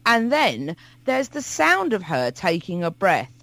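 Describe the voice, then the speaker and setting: A man's voice: high-pitched, wildly swooping pitch, measured pace, gravelly, fairly bright tone, no room sound, rough recording. A man co-hosting a podcast, telling a wry story about music in a chatty way, with frequent restarts. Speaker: podcast co-host. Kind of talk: casual chat about music.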